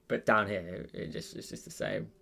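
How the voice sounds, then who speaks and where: A British man with a low, fry-edged voice talks through a casual drawing live stream. He wanders from thought to thought with plenty of "like"s and false starts, often laughing at himself. Soft music plays faintly underneath. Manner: rambling, with many fillers and restarts. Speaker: art channel host.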